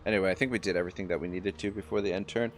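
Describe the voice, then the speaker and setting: A man's voice: low-pitched, steady tone, very fast, noisy background. A man from Nova Scotia with a Canadian accent, chatting rambly through a live game stream and reading chat messages aloud. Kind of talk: casual live-stream gameplay commentary. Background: faint game music.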